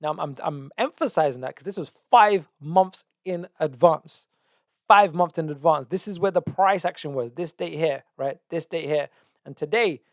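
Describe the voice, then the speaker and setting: A man's voice: fairly high pitch, no echo. A man with a slightly raised voice runs through market charts as host of his own channel. He talks eagerly and with emphasis, often doubling back and repeating phrases. The sound is dry, with no room around it. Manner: enthusiastic, emphatic, repeats himself and restarts often. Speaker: trading analyst and channel host. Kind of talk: casual market analysis over charts.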